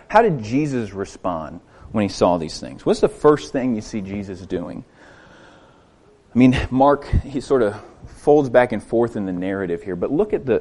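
A man preaching a sermon, retelling a story with lively rhetorical questions and frequent restarts. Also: medium pitch. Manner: animated storytelling with rhetorical questions and repeated words. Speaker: pastor.

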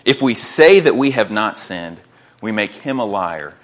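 A man's voice: fairly low pitch, sing-song, unhurried, fairly bright tone. A man preaching a sermon as pastor, reading scripture aloud and often repeating words as he works through his thoughts. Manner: earnest, repeats words while thinking, reads scripture aloud.

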